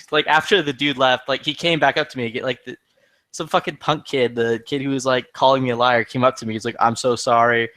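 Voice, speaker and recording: A man's voice: mid-range voice, fairly quick, no room sound. Profane man telling a heated story. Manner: profane, heated, animated retelling with quoted dialogue. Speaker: podcast regular. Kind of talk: casual chat, storytelling.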